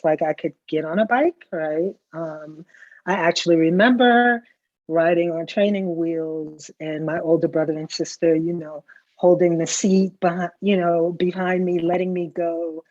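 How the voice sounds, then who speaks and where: Over a dull, lo-fi video call, a middle-aged Bronx woman appears as a customer guest, chatting casually and spinning stories while ending lines with "right?". Her voice sits lowish with a darkish tone, her pace is measured, and the recording is dry.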